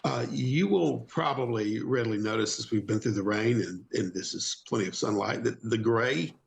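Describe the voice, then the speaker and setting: Very gravelly-voiced man playing a tabletop game. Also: medium pitch, normal speed. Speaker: player. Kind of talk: describing his character's actions in a tabletop game.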